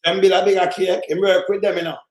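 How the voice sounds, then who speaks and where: A high-pitched man with a thick Jamaican Patois accent rants at political clips, cursing and scolding without a pause. His voice rings out in an echoey room. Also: level tone, over music. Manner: heated, profane, scolding rant. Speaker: political commentator. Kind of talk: reaction commentary on played clips.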